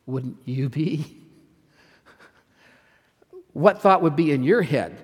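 A man's voice: a little high, expressive, slow pace, long pauses, breathy edge. A male pastor preaching a sermon, emphatic, repeating phrases and putting questions to his listeners. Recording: long hall reverb.

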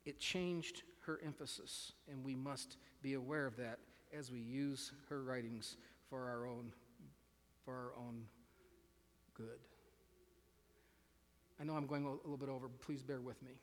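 A man's voice: mid-range voice, steady tone, unhurried, slight background noise. A man preaching a sermon in an earnest way, often repeating words and asking his listeners questions. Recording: reverberant hall.

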